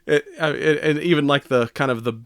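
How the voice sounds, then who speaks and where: A man's voice: a little high, fairly even intonation, a little fast, a bit bright, smooth, no room sound, studio quality. A man co-hosting a podcast, chatting casually and profanely about a movie, rambling and laughing often. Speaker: podcast co-host.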